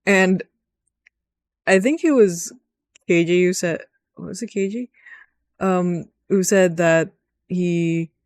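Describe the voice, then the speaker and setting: Low-ish woman, dry close voice-over, rambling giggly game chat. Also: darkish tone, dry recording. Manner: rambling, giggly, swears freely. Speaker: gaming video host. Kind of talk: casual gaming commentary.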